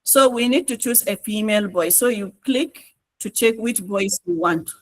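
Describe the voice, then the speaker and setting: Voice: medium pitch, normal speed, low-quality recording. A trainer with a Nigerian English accent gives an online tutorial and narrates each step on screen. The delivery is coaxing and repetitive, with frequent checks that the class is following.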